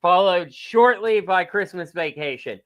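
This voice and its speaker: A man's voice: sits high, a little slow. A male podcast guest with a slightly raised voice chats casually and gushes with fan enthusiasm. He laughs often as he talks. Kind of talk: casual chat.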